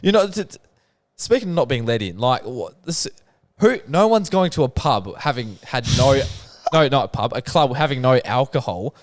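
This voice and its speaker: A young man co-hosting a podcast, talking in halting bursts and giggling. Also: mid-range voice, animated, no echo. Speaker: podcast co-host. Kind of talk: casual chat.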